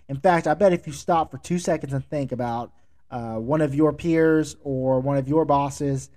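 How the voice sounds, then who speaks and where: A man's voice: a little high, a little mellow. A man hosting his own podcast, talking through leadership and emotional intelligence in an earnest, conversational way, often checking in with the listener. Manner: conversational, earnest, with fillers and rhetorical "right?". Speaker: podcast host. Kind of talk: solo motivational talk on leadership.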